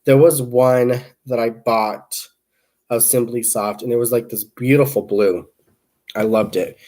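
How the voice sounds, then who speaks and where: A young man chats casually through a crochet livestream, rambling from topic to topic and answering viewer comments. His voice sits at an ordinary middle pitch. Every so often he drops into quiet counting as he works his stitches. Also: fairly even intonation, a little slow. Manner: rambling and chatty, reads viewer comments aloud, counts stitches under the breath.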